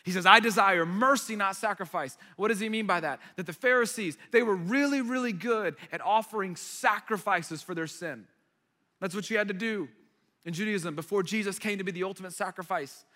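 A man preaching a sermon as pastor, conversational and animated, with repeated asides before a live audience. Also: sits high, a little fast. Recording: long hall reverb.

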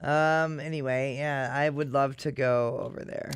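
A man's voice: mid-range voice, steady tone, a little slow, clear, resonant tone, no echo. A man co-hosting a show in casual banter, giving dry short reactions. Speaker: radio show co-host.

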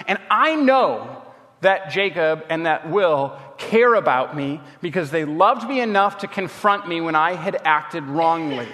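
Guy preaching, tells stories casually, kinda high voice, long reverb on it. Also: fairly bright tone. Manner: conversational storytelling, acting out quoted friends. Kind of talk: sermon with personal stories.

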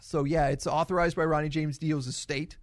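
A man's voice: a little high, fairly even intonation, normal speed, dry recording. A man in his forties hosting a casual podcast chat, rambling and upbeat, often laughing. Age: 40s. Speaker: podcast host.

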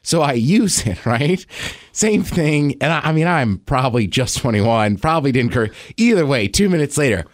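Animated male podcast co-host. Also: normal speed, no echo, clean studio sound. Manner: animated storyteller, voice jumps high when excited. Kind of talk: casual chat.

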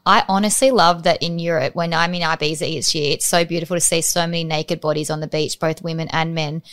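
A woman with a somewhat low voice reads out a scripted guest introduction for a podcast. She drifts into chatty asides with light laughs between the prepared lines. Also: fairly even intonation, fast, a bit bright, clean tone. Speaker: podcast co-host.

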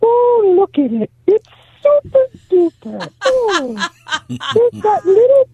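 A woman's voice: very high voice, sing-song, slow pace, mellow, pitched above the performer's own voice, full character voice. A man voicing his sing-songy, cheerful old grandmother, who gushes over antiques. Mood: gushing. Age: older. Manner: sing-song, gushing. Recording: tinny phone line.

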